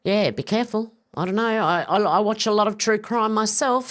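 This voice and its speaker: A woman's voice: medium pitch, normal speed. A middle-aged Australian woman hosting a livestream, reading viewer comments aloud in a chatty, casual way with some swearing. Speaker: livestream host reading chat. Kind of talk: casual chat.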